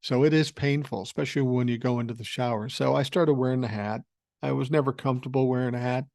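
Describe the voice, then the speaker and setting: A man's voice: mid-range voice, steady tone, quick pace, gravelly, a little mellow, no room sound, clean studio sound. A man in his sixties hosting a podcast, reading listener mail and telling rambling stories in a blunt, profane way. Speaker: podcast host. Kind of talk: casual podcast talk reading listener email.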